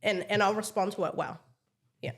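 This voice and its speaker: A woman's voice: mid-range voice, steady tone, a little fast, husky. A woman with a New Zealand accent answers interview questions in a mid-range voice. She is friendly and affirming and nods along with short agreements. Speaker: early childhood teacher, guest.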